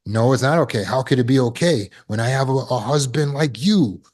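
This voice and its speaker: A man's voice: mid-range voice, brisk, a little mellow, lightly acted. A man acting out a bitter, manipulative spouse who whines and blames. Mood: accusing.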